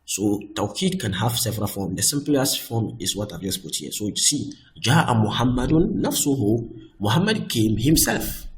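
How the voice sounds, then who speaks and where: A man teaching a grammar lesson, patiently explaining rules and often checking that things are clear. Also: fairly low pitch, very animated. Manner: patient, repeats "I hope that is clear", restarts phrases; reads example phrases slowly and louder.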